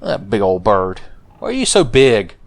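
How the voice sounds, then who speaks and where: A man's voice: on the low side, wildly swooping pitch, moderate pace. A man giving let's play commentary in a jokey, profane, rambling way. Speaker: gameplay commentator.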